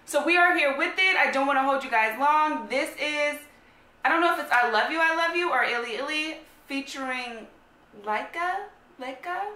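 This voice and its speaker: Bright, high American woman, excitable reaction host, echoey room, faint music behind. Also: fairly quick. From United States. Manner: excitable, gushing, slangy. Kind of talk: casual reaction vlog chat. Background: faint music playing.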